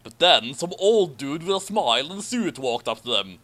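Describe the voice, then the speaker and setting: A man's voice: fairly high pitch, very animated, moderate pace, pushed and bright. A man doing a comedic reading of a fan story with commentary, theatrical and hammy, laughing often. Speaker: fanfiction reader and commentator.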